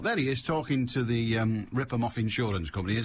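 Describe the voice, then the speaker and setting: A man hosts a call-in radio show, rambling through a comic monologue with a wry, jokey edge. His pitch is very lively, leaping high for emphasis and dropping low for asides. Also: fast, few pauses, a little hiss or hum.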